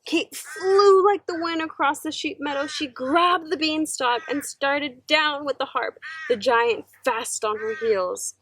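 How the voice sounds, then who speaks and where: A woman teacher reading a children's story aloud, slow, gentle and expressive. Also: sits high, slight background noise, low-quality recording.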